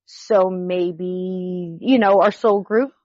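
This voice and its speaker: A woman's voice: on the low side, extremely slow, no room sound. A middle-aged woman guest telling a personal story, acting out the dialogue as she goes. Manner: animated, acts out quoted dialogue. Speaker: podcast guest. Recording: dull lo-fi recording.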